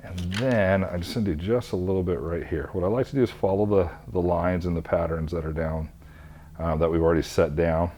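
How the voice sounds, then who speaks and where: Deep-voiced man demonstrating a craft. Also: a little fast. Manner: relaxed, step-by-step explaining. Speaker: epoxy craft instructor.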